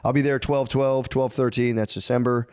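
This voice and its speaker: A man's voice: medium pitch, level tone, normal speed, darkish tone, clean tone. A man in his thirties, a comedian co-hosting a podcast, telling rambling, exasperated stories with a lot of swearing. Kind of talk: casual profane banter.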